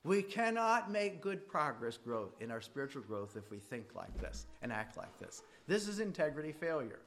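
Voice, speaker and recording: A man's voice: fairly high pitch, big pitch swings, moderate pace, a bit bright, slight background noise. A middle-aged man teaching a faith class in a classroom, talking conversationally and putting questions straight to his students. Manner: conversational, asks students directly, voice rises and drops widely.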